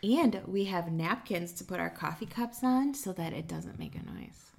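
Seated at her home kitchen table, a woman in her thirties co-hosts a podcast, casually chatting and telling stories loaded with fillers. Her fairly low, gravelly voice is expressive and moves at a moderate pace.

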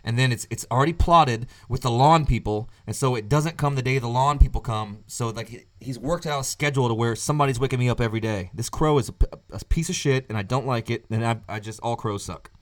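A man hosting a podcast in casual comedic chat, rambling and deadpan with profane jokes. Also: medium pitch, quick pace, hardly any pauses. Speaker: podcast host.

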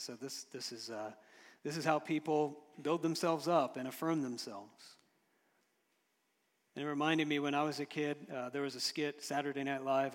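A man preaching a sermon in a storytelling way, swinging from loud emphasis to hushed, quiet lines. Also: fairly high pitch, long reverb tail. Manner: storytelling, rises and drops in loudness, occasional chuckles. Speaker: pastor.

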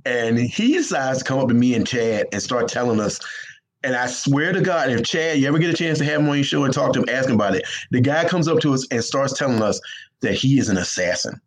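A man's voice: mid-range voice, lively intonation, fast talker, slightly rough, poor audio. A man with a Southern US accent, a guest writer telling a rambling story on a casual interview, laughing often and restarting his sentences.

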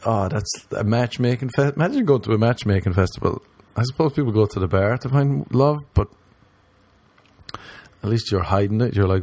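A man's voice: fairly low pitch, lively intonation, a little fast, darkish tone, no echo. A young man hosting a podcast, a stand-up comedian rambling through a profane, jokey monologue. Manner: rambling, profane, jokey, with swings into mock voices.

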